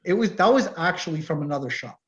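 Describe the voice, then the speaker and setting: A man's voice: on the high side, lively intonation, fast, fairly bright tone, lo-fi sound. A middle-aged man, a mechanic and course instructor, talking casually and animatedly in an online info session, telling stories from his shop and acting out customers. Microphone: video call.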